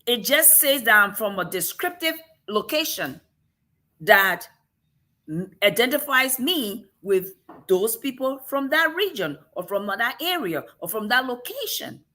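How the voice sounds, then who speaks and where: A woman's voice: a little high, very animated, unhurried, pushed and bright. A woman from Africa with an African accent, hosting a casual talk-show discussion and making emphatic points with pointed rhetorical questions.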